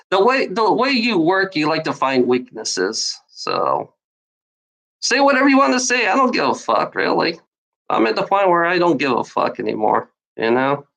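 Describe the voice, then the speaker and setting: A woman's voice: fairly low pitch, sing-song, measured pace, gravelly, fairly bright tone, rough recording. Sarcastic woman ranting at trolls. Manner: sarcastic, profane and rambling, with many repeats; mocking laughs. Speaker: streamer answering online trolls. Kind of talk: casual rant to a live audience.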